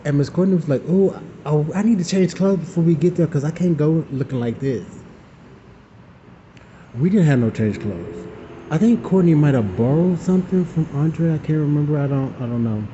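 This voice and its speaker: A man tells a funny story, animated and campy, laughing as he goes. His voice sits a little high and sounds mellow. The recording is dull and lo-fi, with a faint hiss behind it. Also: moderate pace. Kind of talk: casual storytelling.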